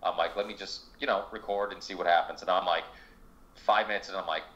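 A man's voice: low voice, fairly even intonation, quick pace, sharp tone, lo-fi sound. A man hosting a podcast, talking casually in long rambling stretches, with frequent restarts and swearing. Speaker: podcast host. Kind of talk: casual interview chat.

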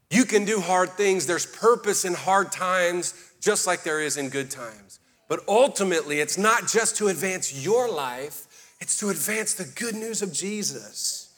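Male pastor, fervent, calls to the crowd, voice on the high side. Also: animated, unhurried. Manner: fervent, swings from quiet to loud, call and response. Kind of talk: sermon.

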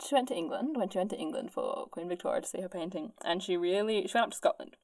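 A woman casually telling a history story on a podcast, acting out quotes with big jumps in her voice. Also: fast. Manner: animated, acts out quotes with big pitch jumps.

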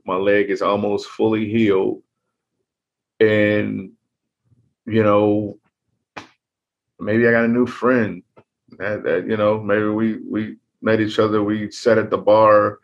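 A man's voice: on the low side, vocal fry, lo-fi sound. A man talking earnestly in a rambling, casual monologue, often restarting his sentences.

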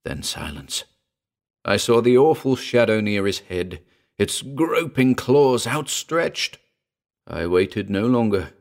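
Low gravelly guy reading a spooky story, slow and grave. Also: sing-song. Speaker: narrator. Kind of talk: dramatic horror story reading.

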